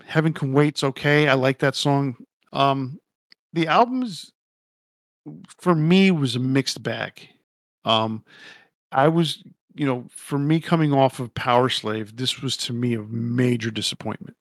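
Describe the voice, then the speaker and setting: A man's voice: medium pitch, unhurried, no room sound, studio quality. A man co-hosting a casual podcast, rambling and opinionated, swearing casually as he talks. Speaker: podcast co-host.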